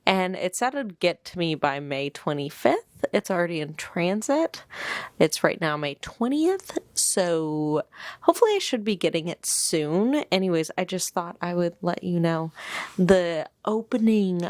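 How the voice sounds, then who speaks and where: A woman's voice: lowish voice, measured pace, no echo. A young woman vlogging at home, telling a chatty story about getting a book and acting out the people in it. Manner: animated, acts out quotes, gushing. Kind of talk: casual chatty storytelling vlog. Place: home, indoors. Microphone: clip-on mic on her shirt.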